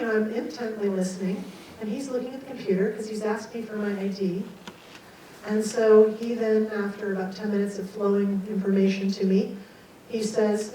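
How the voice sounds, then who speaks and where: A woman speaker telling a personal story to a group, animated and self-mocking, acting out the people in it. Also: mid-range voice. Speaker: guest speaker. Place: lecture room. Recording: echoey hall from far off, faint noise.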